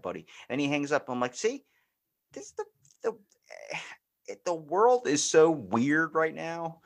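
A man hosting a podcast in loose, casual chat. He talks bluntly and swears freely, and he acts out past conversations as he tells them. His voice sits at an ordinary middle pitch. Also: fairly bright tone. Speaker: podcast host.

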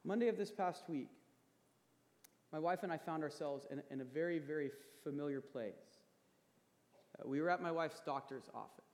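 A man's voice: on the high side, moderate pace, long pauses, a little mellow. A male pastor in his thirties preaching a sermon, earnest and building to emphatic peaks. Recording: long hall reverb.

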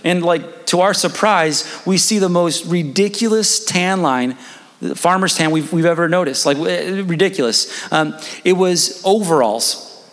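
Young pastor preaching in a reverberant hall. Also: male voice, high-pitched, unhurried, fairly bright tone. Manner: casual, storytelling, frequent restarts and laughs. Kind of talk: sermon with personal story.

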